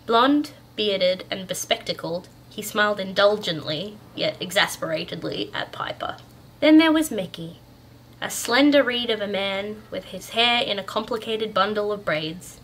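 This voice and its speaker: There's slight background noise as a young Australian storyteller talks with her viewers in a chatty, upbeat way, using fillers, and then narrates a story she reads aloud. Her mid-range voice is fairly bright and her pace measured.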